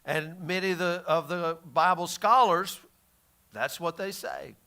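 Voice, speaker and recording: A man's voice: on the high side, measured pace, bright, forceful tone. A man teaching the Bible in a casual, folksy way, often restarting his sentences. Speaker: pastor.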